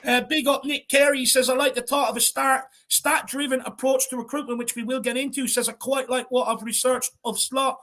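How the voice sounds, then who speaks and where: High, bright-voiced Irish man. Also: little pitch movement, brisk, few pauses. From Ireland. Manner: chatty, reads out viewer comments with shout-outs. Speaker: fan channel co-host. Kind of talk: casual live-stream chat.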